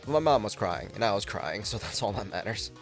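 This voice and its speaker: A man's voice: lowish voice, animated, fairly quick, gravelly, faint music behind. A man in his twenties chatting casually on a game livestream, rambling and swearing freely, with plenty of fillers and restarts. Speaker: game streamer.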